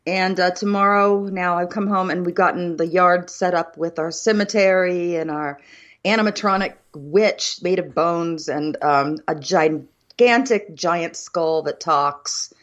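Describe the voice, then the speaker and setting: A woman's voice: on the low side, a little slow, dull audio. A woman co-hosting a casual podcast, easygoing, with many ums and frequent laughs. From USA. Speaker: podcast co-host. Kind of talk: casual chat over cocktails. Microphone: remote virtual studio setup.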